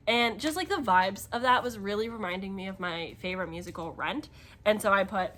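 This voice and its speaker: A woman's voice: mid-range voice, brisk, a little hiss or hum. A young woman vlogging at home about a book she is reading, rambling and chatty with lots of fillers and openly emotional reactions. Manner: emotionally expressive. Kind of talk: casual reading vlog chat.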